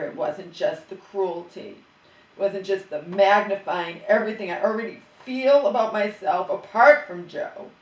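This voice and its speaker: A woman's voice: lowish voice, lo-fi sound. A middle-aged woman vlogger venting in an agitated, profane, rambling monologue full of restarts. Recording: roomy and distant from the mic.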